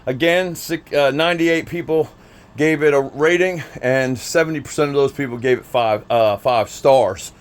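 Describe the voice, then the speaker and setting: A man's voice: mid-range voice, moderate pace, clear, resonant tone. Folksy man, casual talker, friendly reviewer of a gear product. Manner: chatty, folksy, repeats himself. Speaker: product reviewer, channel host. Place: outdoors by a vehicle, then indoor man cave.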